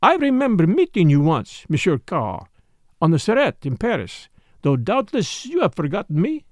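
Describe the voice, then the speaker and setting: A man voicing a courteous older Belgian detective who speaks in a gentle, quietly pleased way. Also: sits high, huge pitch swings, normal speed, no room sound, studio quality.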